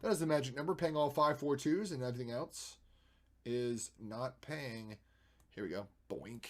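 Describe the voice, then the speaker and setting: A man's voice: mid-range voice, moderate pace. Chatty man thinking aloud on stream. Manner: chatty, thinks aloud while working, jumps between loud and quiet; playful, makes silly sound effects. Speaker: streamer editing photos. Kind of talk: casual live-stream commentary.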